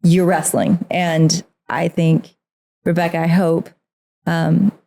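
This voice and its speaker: Earnest woman guest, mellow voice. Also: low-pitched, little pitch movement, slow, creaky. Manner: earnest, reads scripture aloud with feeling. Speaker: guest author. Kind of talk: casual faith conversation.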